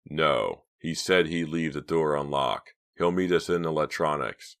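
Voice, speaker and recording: A man voicing a curt, commanding teenage boy in a storybook reading, giving low clipped orders. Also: measured pace, smooth.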